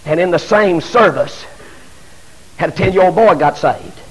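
A middle-aged man, preaching an impassioned sermon as a pastor, rising to shouts and stumbling over repeated fillers. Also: on the high side, expressive, moderate pace, husky. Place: church. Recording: long hall reverb.

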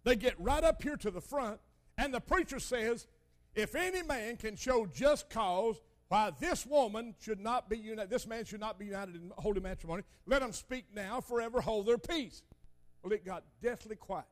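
An older man preaching a sermon, telling folksy stories with loud emphatic bursts. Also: high voice, moderate pace.

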